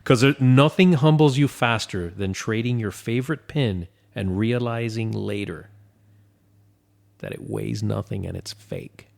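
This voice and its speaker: Jokey man co-host, lowish voice. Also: a little slow, vocal fry. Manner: jokey banter, laughs often, acts out quotes. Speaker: podcast co-host. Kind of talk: casual chat.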